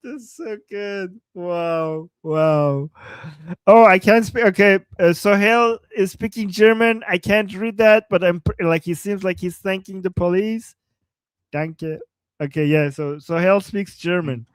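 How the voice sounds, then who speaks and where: A man from Iran co-hosts a live reaction stream, reacting with bursts of exclamations and frequent laughter. His voice sits high for a man. The sound is dry and close, with no room echo. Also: measured pace, smooth. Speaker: livestream co-host.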